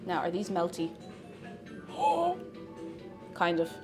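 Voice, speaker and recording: A woman's voice: lowish voice, big pitch swings, takes it slowly, music in the background. A young Irish woman hosting a baking livestream from her home kitchen, chatting and rambling through stories with frequent laughs. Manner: chatty, rambling storyteller who laughs often. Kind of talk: casual chat while baking.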